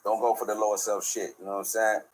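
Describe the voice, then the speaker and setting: Fast-talking, profane, preachy streetwise man. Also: fairly low pitch, little pitch movement, low-quality recording. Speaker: show host. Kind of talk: casual spiritual monologue.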